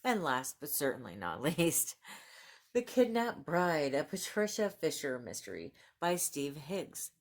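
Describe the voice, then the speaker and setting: A woman with a notably low, deep voice, talking casually as a book vlogger. She gushes about the books she loves, gets excitable, and laughs often between remarks. She switches between chatty asides and reading the back-cover blurbs aloud. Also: measured pace, few pauses.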